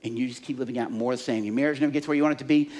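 A male pastor preaching a sermon, animated, acting out the voices in people's heads and the fans in the stands. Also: mid-range voice, very fast.

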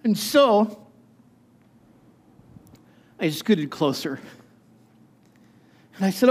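A man, a pastor, telling a personal testimony in an earnest, halting way, often restarting his sentences. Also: high voice, very animated, darkish tone.

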